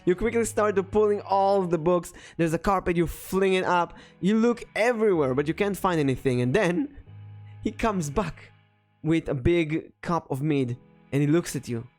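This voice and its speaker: A man narrating a tabletop game as game master, animated and jokey. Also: high-pitched, moderate pace, faint music behind. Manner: animated, jokey, laughs often.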